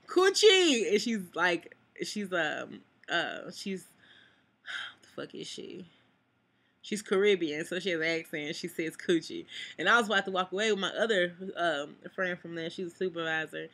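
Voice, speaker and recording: Sad young woman venting, bright voice. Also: on the low side. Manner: rambling, cusses, addresses viewers. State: sad, upset. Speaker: vlogger. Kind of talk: emotional venting vlog.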